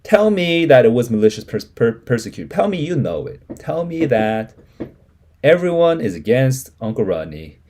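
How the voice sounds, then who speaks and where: A man's voice: medium pitch, big pitch swings, normal speed, a little mellow, voice pushed up. A man reading the lines of an upset mother who repeatedly demands that her husband speak plainly. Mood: pleading.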